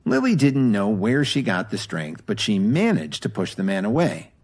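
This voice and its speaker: A man narrates a serialized audio drama with dramatic, expressive delivery. His voice is husky and his pitch moves in lively swings. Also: moderate pace.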